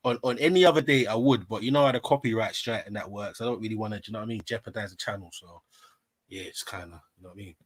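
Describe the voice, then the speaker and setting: A man's voice: lowish voice, very fast, no room sound. A Jamaican man, chatting on a live panel in a laid-back, slangy way, getting defensive as he jokes. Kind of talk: casual panel chat.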